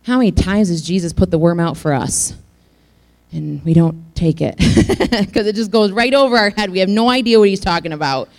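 Gravelly-voiced woman preaching casually. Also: medium pitch, lively intonation, normal speed, a little mellow. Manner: chatty, joking, acts out scenes. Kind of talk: casual sermon.

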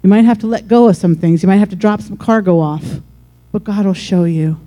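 A preacher with a deeply dark, mellow tone delivers a sermon that turns into fervent prayer. The speech keeps circling back to "Lord God," with frequent restarts. The pitch sits at a middle height. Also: fairly quick. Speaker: pastor.

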